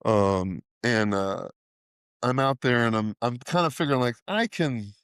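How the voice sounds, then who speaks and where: A man's voice: mid-range voice, a little slow, fairly bright tone, clear, resonant tone, no room sound, studio quality. A middle-aged man co-hosting a podcast, telling a rambling, profane anecdote in casual chat and laughing often. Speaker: podcast co-host.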